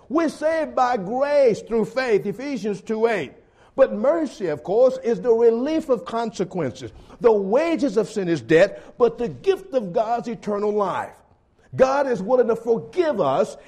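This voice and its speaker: A man preaching a sermon to his congregation, pressing key words hard, then dropping low and quiet, calling his listeners folks. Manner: swings between loud stressed phrases and low quiet asides.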